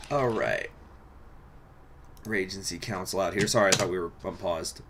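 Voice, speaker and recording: A man's voice: low-pitched, slow pace, noisy background. Chatty man streaming a strategy game. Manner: chatty, laughs often, reacts to chat. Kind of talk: casual live-stream commentary.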